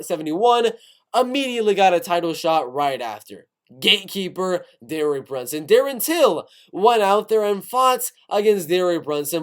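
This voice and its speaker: A man with a high-pitched voice runs through fight news in a casual, excitable way. He keeps turning to his audience with direct questions. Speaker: MMA news YouTuber. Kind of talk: casual sports news commentary.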